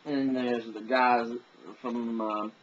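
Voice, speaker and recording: A man's voice: mid-range voice, steady tone, slow pace, a little hiss or hum. Rambling man with a dull lo-fi recording. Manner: rambling, lots of fillers and self-deprecation. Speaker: amateur voice impressionist. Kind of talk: casual monologue.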